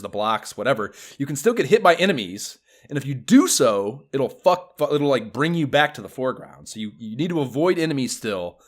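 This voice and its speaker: A man co-hosting a podcast, chatting casually about retro video games, excitable, swearing freely and laughing often. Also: mid-range voice. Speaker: podcast co-host.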